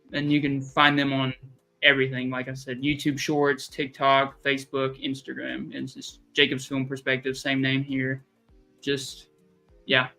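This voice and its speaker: Southern young man co-hosting a podcast, bright tone, self-mocking ramble. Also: mid-range voice. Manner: rambling, self-deprecating, joking. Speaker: podcast co-host. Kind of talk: casual podcast chat. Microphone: streaming call mic.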